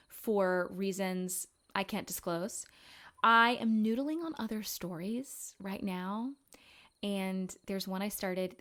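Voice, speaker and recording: A woman in her twenties hosting a casual podcast, talking frankly and profanely, rambling with quick asides and self-corrections. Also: mid-range voice, fairly bright tone. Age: 20s. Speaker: podcast host. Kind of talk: casual chat.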